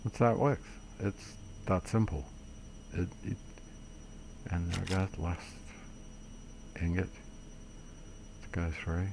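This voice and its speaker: A very deep, gravelly male voice that talks slowly and loosely through a game tutorial. He rambles, pokes fun at his own mistakes and drops the odd mild swear word. A faint hiss sits behind him. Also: steady tone. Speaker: gaming video creator. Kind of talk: casual game tutorial commentary.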